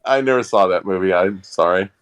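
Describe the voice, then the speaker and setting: A man's voice: low-pitched, fairly quick, clean tone. A man guesting on a podcast, easygoing and self-deprecating in casual chat.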